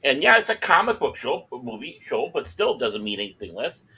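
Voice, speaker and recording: A man's voice: medium pitch, sing-song, fairly quick, sharp tone, breathy edge, poor audio. A man hosting a casual chat, making emphatic, opinionated points. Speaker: host.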